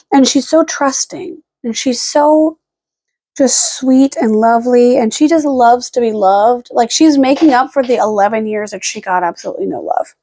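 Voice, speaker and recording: A young woman vlogs at home, rambling casually close to the camera mic in a dark-toned voice with no echo. Now and then she slips into high baby talk for her dog.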